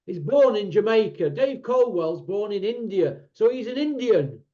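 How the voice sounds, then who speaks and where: A man's voice: high-pitched, big pitch swings, moderate pace, dull audio, crowd noise. A man with a South Yorkshire accent hosting a casual podcast chat, blunt and opinionated as he quizzes his guest. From South Yorkshire, England. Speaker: podcast host.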